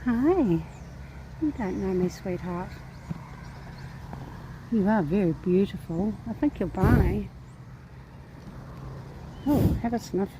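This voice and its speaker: A woman talks at an unhurried pace as she walks around a horse farm. She coos at the animals in affectionate baby talk, her voice sitting in a middle pitch. Faint outdoor noise runs under the recording. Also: mellow. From New Zealand. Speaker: vlogger. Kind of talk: casual vlog talking to horses.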